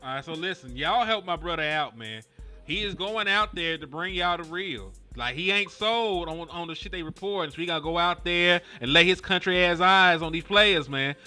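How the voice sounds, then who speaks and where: A man co-hosting a casual sports chat, animated and profane, laughing through his banter. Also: sits high, moderate pace, soft background music. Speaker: co-host.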